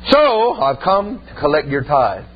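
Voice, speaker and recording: A man voicing a smirking, threatening stranger who claims to be god of the town, speaking slow and low. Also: sing-song, muffled recording, slight background noise. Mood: menacing.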